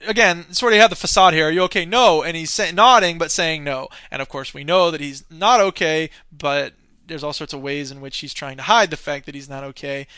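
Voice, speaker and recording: A man teaching a film class, talking off the cuff and often pausing with fillers as he searches his notes. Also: fairly high pitch, fairly even intonation, sharp tone, clean tone, no echo. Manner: hesitant, many fillers, searching through notes. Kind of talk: unscripted film commentary lecture.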